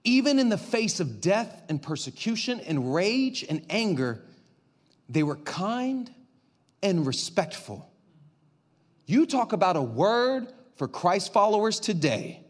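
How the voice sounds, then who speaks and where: A male pastor preaching a sermon in an animated, conversational way, swinging from loud to quiet. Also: high voice, slow pace.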